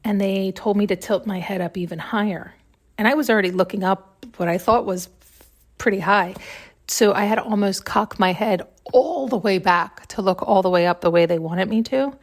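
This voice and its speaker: Here a woman podcaster, medium in pitch and moderate in pace, muses in an intuitive, rambling way. She searches for her thoughts, restarts sentences, and comes close to tears now and then.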